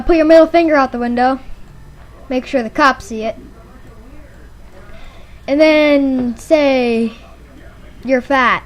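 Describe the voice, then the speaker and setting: A woman giving absurd mock driving advice in a rambling, halting way, full of fillers and deadpan jokes, in a car showroom. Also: high voice. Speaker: vlogger. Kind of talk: joking mock tutorial.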